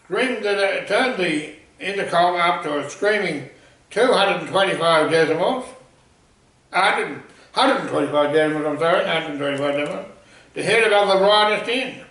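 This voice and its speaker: A man telling a comic anecdote in a rambling, animated way. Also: on the high side, normal speed. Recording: echoey room, voice far from mic.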